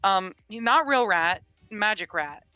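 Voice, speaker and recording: A woman doing a nervous young adventurer who stammers through every excuse, her voice pitched up and bright. The delivery is hesitant and tripping, with a dry close sound. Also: lively intonation, unhurried, dry recording, highs cut off, faint music behind. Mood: flustered.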